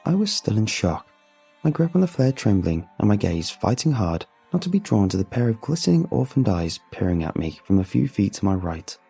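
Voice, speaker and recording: Low gravelly guy reading a creepy story, husky and dark, faint music under it. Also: big pitch swings, fairly quick. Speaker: narrator. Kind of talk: first-person horror story narration.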